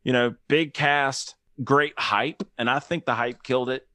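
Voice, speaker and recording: A young man talking casually as a podcast co-host, loose, joking and quick to goof around. His voice has a middle pitch and sounds close and dry, with no room around it. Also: steady tone, sharp tone, no room sound. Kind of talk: casual chat.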